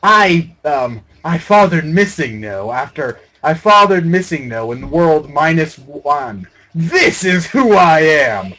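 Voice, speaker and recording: A man voicing a pompous, self-important male hedgehog antihero, speaking in slow, grandiose declarations. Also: fairly high pitch, very animated, bright, forceful tone, exaggerated voice.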